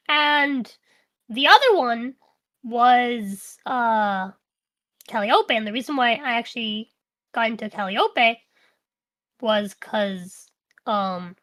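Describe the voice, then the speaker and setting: A woman guest on a podcast, chatting casually and swearing freely, playful and quick to slip into mock voices. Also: a little high, fairly bright tone. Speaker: VTuber guest.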